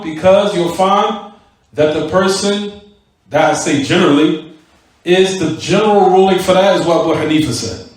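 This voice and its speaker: Echoey distant male teacher quizzing his class. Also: on the high side. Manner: rhetorical questions to students, "what?" prompts; repeats and stresses key words. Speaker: religious teacher. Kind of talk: recorded Islamic class lecture. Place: mosque classroom. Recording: very echoey room, voice from far off.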